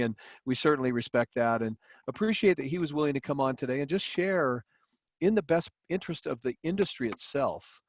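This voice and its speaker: A man's voice: medium pitch, animated, brisk, no echo. A middle-aged man introducing a guest on a video call, rambling with fillers and restarts. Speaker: host of a business call. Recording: dry, dull lo-fi call audio.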